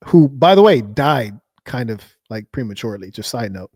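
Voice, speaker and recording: A man's voice: medium pitch, lively intonation, moderate pace, hardly any pauses, dark tone, no echo, clean studio sound. A man hosting a casual reaction commentary, joking and mocking, often laughing. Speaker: host reacting to a clip.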